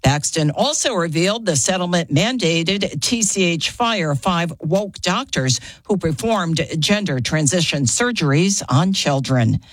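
A woman correspondent filing a radio news report in a crisp, factual delivery. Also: on the low side, animated, a little slow, hardly any pauses, dry recording, low-quality recording.

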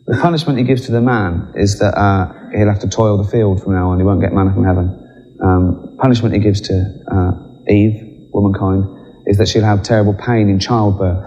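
A man's voice: lowish voice, flat delivery, fairly quick, dark tone, highs cut off. Dry man, stand-up storytelling. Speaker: stand-up comedian. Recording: long hall reverb.

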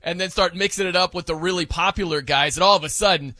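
A man's voice: sits high, quick pace, pushed and bright, dry recording. A man co-hosting a sports talk show, chatting casually and animatedly, laughing and acting out wrestling announcer bits.

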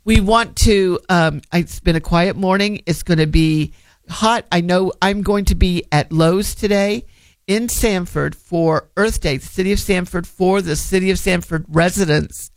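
Chatty gardening radio host. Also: male voice, high voice, unhurried, no room sound. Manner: chatty, friendly, rambling with fillers. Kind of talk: casual radio gardening advice.

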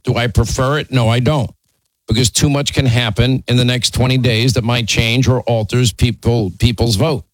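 A man's voice: mid-range voice, dry recording, rough recording. A man hosting a call-in talk radio show, speaking in a firm, plainspoken way and often repeating himself to make a point.

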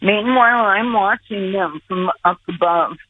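An older woman guest telling a personal story slowly and earnestly over the phone. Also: medium pitch, slightly rough. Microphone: telephone. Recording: tinny phone line.

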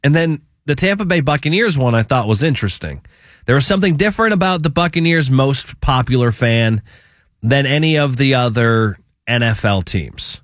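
A man's voice: mid-range voice, moderate pace, no echo, clean studio sound. A man with a Midwestern accent hosting a casual sports talk radio show, rambling a little with plenty of fillers. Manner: relaxed, rambling, frequent fillers. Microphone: studio mic.

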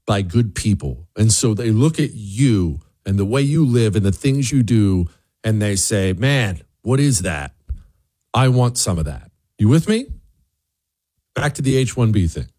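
A man delivering an opinion monologue, full of rhetorical questions and repeated words, who jumps up into high mocking voices when he quotes other people. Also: dark tone, dry recording. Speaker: commentator.

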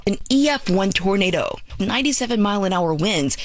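A woman network correspondent giving a brisk, dramatic scripted weather report. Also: mid-range voice, lively intonation.

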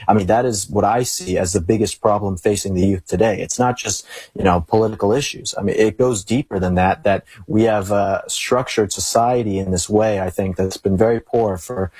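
Fast-talking husky young man. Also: on the low side, darkish tone, no room sound. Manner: earnest, fast, repeats phrases for emphasis. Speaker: guest, conservative commentator. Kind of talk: casual talk interview.

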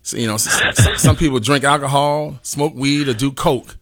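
A man's voice: mid-range voice, moderate pace, a bit bright. A man hosting a talk radio show, speaking passionately and emphatically, with exclamations.

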